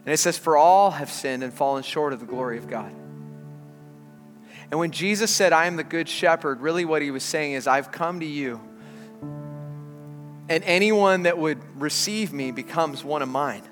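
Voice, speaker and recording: A man in his thirties preaching a sermon as a pastor, telling an animated story before turning earnest. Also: fairly high pitch, moderate pace, pauses often. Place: church auditorium. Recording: large hall with long reverb, faint music.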